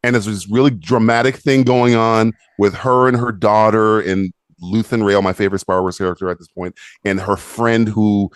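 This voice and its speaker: A man's voice: moderate pace, hardly any pauses, clean tone, no echo, studio quality. A man co-hosting a podcast, ranting in casual chat with lots of swearing and mocking put-on voices. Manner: animated, profane, mocking with squeaky put-on voices. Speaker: podcast co-host.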